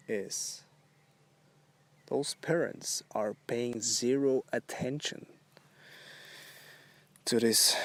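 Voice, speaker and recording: A podcast host with a gravelly, creaky, medium-pitched voice gives a solo monologue. He crawls along very slowly, rambling and halting through drawn-out phrases.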